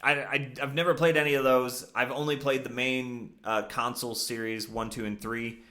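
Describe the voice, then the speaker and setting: A man's voice: mid-range voice, flat delivery, moderate pace, pushed and bright. A man co-hosting a casual podcast, rambling with many fillers and restarts. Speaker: podcast co-host. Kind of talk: casual chat.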